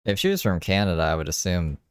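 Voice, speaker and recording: A man's voice: low-pitched, sing-song, fast, clean tone, no room sound, clean studio sound. A man giving rambling, wry commentary on a live stream he is watching. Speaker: streamer reacting to another stream.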